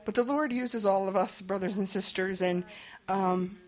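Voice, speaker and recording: A woman sharing a testimony at a church meeting, speaking in a halting, earnest way. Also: medium pitch, a little mellow. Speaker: church member giving testimony. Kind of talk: spoken testimony.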